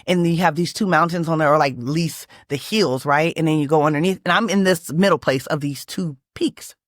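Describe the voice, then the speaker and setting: A woman from Texas, hosting her own channel and telling a personal story in a lively, emphatic way with many restarts. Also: low-pitched, a little fast, no room sound, studio quality. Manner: animated, emphatic, lots of restarts and fillers. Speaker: manifestation channel host.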